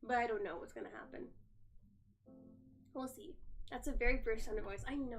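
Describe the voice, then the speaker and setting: A woman's voice: fairly high pitch, brisk, pauses often, over music. Chatty young woman livestreaming from her phone. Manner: chatty, reads and answers viewer comments while tidying. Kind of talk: casual livestream chat. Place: home, indoors.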